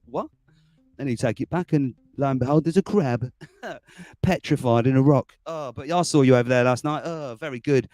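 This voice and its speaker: A man in his forties hosting a casual livestream chat, chatty and excitable, laughing often. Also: mid-range voice, normal speed, dry recording. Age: 40s. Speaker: livestream host.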